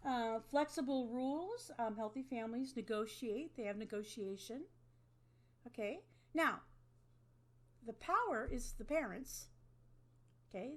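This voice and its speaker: A woman teaching an online class to a webcam, talking in a conversational way and often checking in with "okay?". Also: on the high side. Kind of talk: online lecture.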